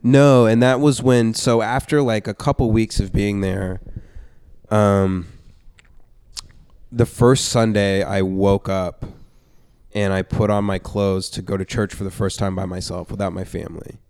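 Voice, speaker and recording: A man's voice: fairly low pitch, fairly even intonation, a little slow, a little mellow, clear, resonant tone, no room sound, clean studio sound. A young man telling a personal story in a candid, rambling way, full of fillers. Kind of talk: casual chat.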